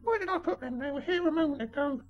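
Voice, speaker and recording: A man voicing a batty, screeching elderly woman in a strained falsetto. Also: fast talker, highs cut off. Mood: dotty. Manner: screaming, erratic.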